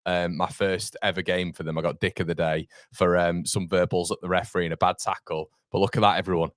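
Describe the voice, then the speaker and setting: A man's voice: low-pitched, flat delivery, fairly quick, no echo, clean studio sound. A young man hosting a live football fan stream, rambling and chatty, reading out viewer comments while feeling a bit fuzzy from a mild concussion. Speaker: fan channel host.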